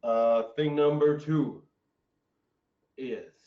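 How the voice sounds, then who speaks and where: Slow, laid-back young man, distant and echoey. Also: mid-range voice, steady tone. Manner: laid-back and unhurried, announcing games and picking prompts. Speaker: improv show host. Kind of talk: hosting an online improv show. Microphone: video call. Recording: distant, dull, echoey video-call audio.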